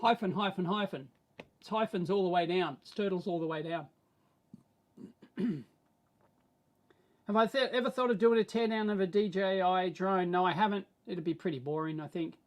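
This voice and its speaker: An Australian man hosting a live stream, answering viewer questions in a rambling, animated way that swings between mumbled asides and excited bursts. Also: high voice, moderate pace, long pauses. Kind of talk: casual live-stream chat.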